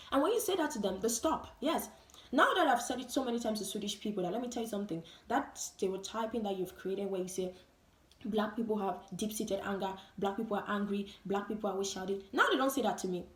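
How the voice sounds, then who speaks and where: A woman vlogger giving an emphatic, repetitive monologue full of rhetorical questions. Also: medium pitch. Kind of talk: opinion vlog monologue. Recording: roomy echo.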